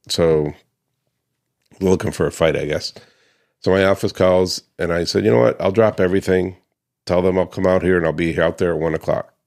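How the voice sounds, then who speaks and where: A man who runs a paver restoration business, casually recounting a client dispute, slipping into the voices of the people he quotes, with plenty of ums and restarts. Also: sits low. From United States. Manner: conversational, acts out quoted customers, frequent ums and restarts. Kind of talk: casual storytelling to camera.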